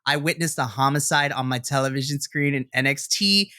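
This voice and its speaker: A young man co-hosting a wrestling podcast, recapping a show as an excitable storyteller who swears and acts out reactions. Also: mid-range voice, fairly quick, smooth, no room sound, studio quality. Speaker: podcast co-host.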